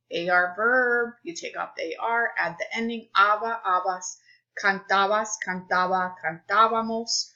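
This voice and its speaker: Woman, Spanish teacher, measured lesson delivery, bright tone, slightly muffled recording. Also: mid-range voice. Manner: clear, explanatory, unhurried.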